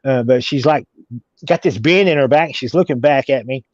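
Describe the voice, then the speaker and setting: A man telling a long story as an interview guest, halting and repeating himself as he goes. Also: medium pitch, dry recording. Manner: halting, repeats words and restarts. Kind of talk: casual storytelling. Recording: dull, dry audio.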